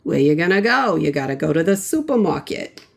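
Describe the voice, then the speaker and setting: A woman's voice: sits low, sing-song, brisk, creaky, voice pushed down, exaggerated voice. A woman putting on an exaggerated New York accent as a joke, with a broad, jokey delivery. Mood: joking. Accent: New York (put on).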